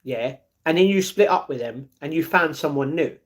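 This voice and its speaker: A man's voice: fairly high pitch, expressive, normal speed. A man, livestreaming and answering chat in a downcast, blunt way. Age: 40s. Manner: downcast, blunt, reads chat messages aloud and answers them.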